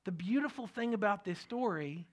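High-voiced earnest male pastor preaching. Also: lively intonation, moderate pace. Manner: earnest, repetitive, dropping to soft near-whispers. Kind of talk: sermon.

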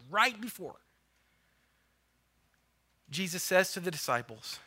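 Guy preaching a sermon, bright ringing voice, keeps repeating himself for emphasis. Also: on the high side. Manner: animated storytelling, acting out the voices of biblical figures; repeats and restarts phrases for emphasis. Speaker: pastor.

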